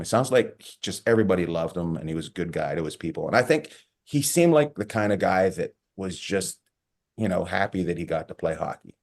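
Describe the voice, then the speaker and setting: A man's voice: sits low, a little mellow. A man co-hosting a casual podcast, telling rambling joking stories and laughing at his own punchlines. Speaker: podcast co-host.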